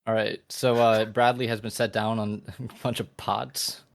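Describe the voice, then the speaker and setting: A man's voice: on the low side, level tone, a little slow, creaky. A man acting as game master, narrating a tabletop game in a rambling way with many fillers.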